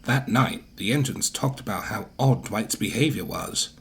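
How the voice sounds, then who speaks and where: A man narrating a children's storybook about trains, in an animated way. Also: lowish voice, moderate pace, hardly any pauses. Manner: animated, with a different voice per character. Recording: music bed under the voice.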